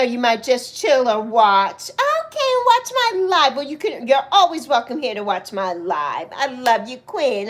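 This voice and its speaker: A woman in her sixties hosting a casual livestream, chatting affectionately with viewers and greeting them by name. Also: on the high side. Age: 60s. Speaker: livestream host. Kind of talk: casual livestream chat reading comments.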